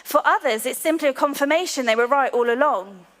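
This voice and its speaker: High-voiced woman preaching in a reverberant hall. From England. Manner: earnest, slows to a hush on key lines. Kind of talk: sermon. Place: large church hall.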